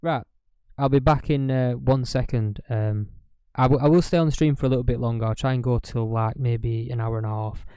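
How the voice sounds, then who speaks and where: A man producing music live on stream, chatting casually and greeting viewers by name in a relaxed way. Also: medium pitch, brisk, hardly any pauses, clean tone, no echo. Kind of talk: casual livestream chat.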